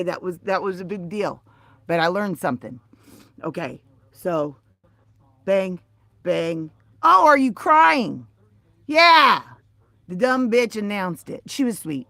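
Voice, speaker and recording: A woman telling a story on a casual livestream, animated and profane, swinging from loud outbursts to quiet asides. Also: on the low side, dry recording.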